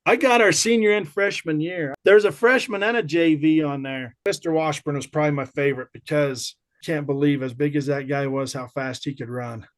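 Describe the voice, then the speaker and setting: A man's voice: on the high side, a little fast, few pauses. A man in his fifties, a podcast guest, telling school-days stories in casual chat and laughing as he goes. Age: 50s. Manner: animated, laughing anecdotes.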